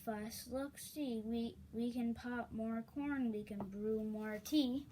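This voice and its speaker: A woman voicing a small cheerful mouse in a storybook, quick and soothing. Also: a little high, steady tone, mellow, slight background noise, rough recording. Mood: reassuring.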